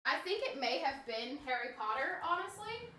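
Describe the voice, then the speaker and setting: A woman's voice: high-pitched, big pitch swings, moderate pace, background noise. A young woman streamer chatting casually, telling a story with lots of fillers while she cleans a snake enclosure. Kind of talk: casual chat. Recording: echoey room.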